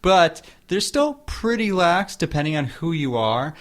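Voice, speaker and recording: A man's voice: a little high, big pitch swings, unhurried. A man co-hosting a casual podcast, giving laid-back commentary full of profanity and laughs. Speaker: podcast co-host. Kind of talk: casual chat.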